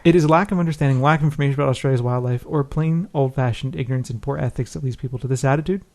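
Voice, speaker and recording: Fast-talking male podcast host. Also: mid-range voice, darkish tone. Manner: quick, informal, reads listener emails. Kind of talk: casual podcast chat.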